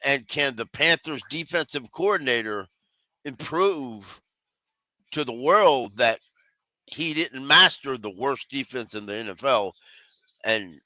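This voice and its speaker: Bright, halting man on a sports podcast. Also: medium pitch, lively intonation, dry recording, rough recording. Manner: halting, many restarts, dismissive asides. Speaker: podcast co-host. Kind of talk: casual sports talk.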